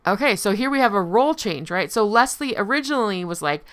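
A woman's voice: mid-range voice, animated, quick pace, a bit bright, clean tone. A woman giving a casual spoken lesson, explaining in a conversational way and checking in with "right?" as she goes.

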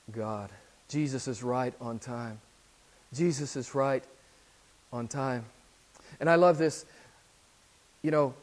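A man preaching a sermon as pastor, moving between quiet, intense passages and loud exhortations. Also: fairly high pitch. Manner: swings from hushed to loud exhortation.

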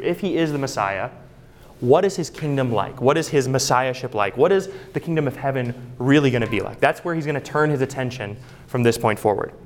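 A man preaching from the pulpit in a mid-range voice. He speaks earnestly and stresses his points with rhetorical questions, keeping a steady teaching tone. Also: medium pitch, a little hiss or hum. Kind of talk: sermon.

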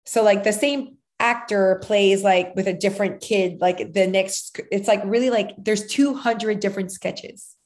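A woman's voice: medium pitch, measured pace, a little mellow. Chatty woman telling a rambling story. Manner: rambling, filler-heavy storytelling with acted-out quotes. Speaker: podcast co-host, mother of a child actor. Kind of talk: casual chat.

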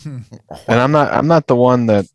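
A man co-hosting a casual basketball podcast, giving news in a measured, analytical way. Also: medium pitch, dry recording. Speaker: podcast co-host, news segment.

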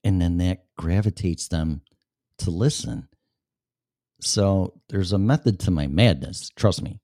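A lowish-voiced man hosts his own radio show and talks straight into a studio mic. He rambles in a blunt, profane way, and the sound is dry and close with almost no room echo. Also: a little slow, warm tone. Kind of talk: casual monologue. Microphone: studio microphone.

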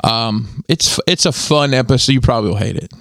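Gravelly laid-back man. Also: medium pitch, brisk, a bit bright, no room sound. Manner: hesitant, laid-back talker. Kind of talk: casual chat.

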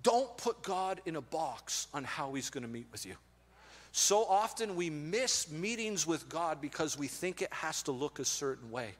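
A man in his forties preaching a sermon as pastor, telling stories with animated energy and then softening to earnest, quiet tones. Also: a little high, moderate pace. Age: 40s. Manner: animated storytelling, drops to soft earnest tones. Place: church auditorium. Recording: long reverb of a large hall.

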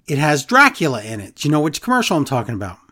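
A podcast host recapping a wrestling show in casual chat, sarcastic and animated, acting out quotes in other voices. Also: medium pitch, very fast.

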